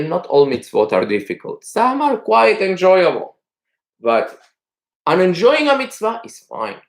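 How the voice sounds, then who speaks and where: Lively male rabbi teaching. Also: a little high. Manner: animated storytelling, acts out characters. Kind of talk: teaching a text-study class.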